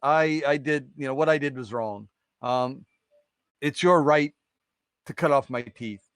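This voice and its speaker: A man voicing a frightened mother mouse who pleads for her life, repeating herself in a clear, smooth voice. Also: medium pitch, a little slow, no room sound, studio quality, natural voice. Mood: pleading.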